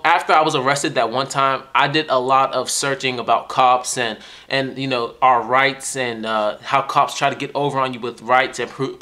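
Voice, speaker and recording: A young man casually telling a story to his viewers, profane and animated, often repeating and restarting words. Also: mid-range voice. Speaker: vlogger.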